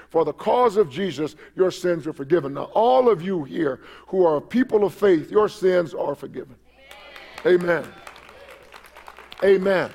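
An older male pastor delivers a sermon in a notably high voice with a gravelly edge. He halts and repeats words as he works through the text, then swells into emphatic exhortation to the congregation. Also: darkish tone. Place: church service.

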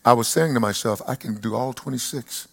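A man in his seventies, a pastor preaching a sermon to a congregation, who moves between loud emphatic peaks and soft reflective asides. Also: mid-range voice, brisk, gravelly. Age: 70s. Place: church service before a live congregation.

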